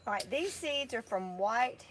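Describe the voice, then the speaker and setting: A woman's voice: a little high, animated, unhurried, a little hiss or hum. A woman, chatting and rambling with many fillers as she plants seeds with her co-host. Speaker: farm co-host. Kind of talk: casual chat while planting seeds.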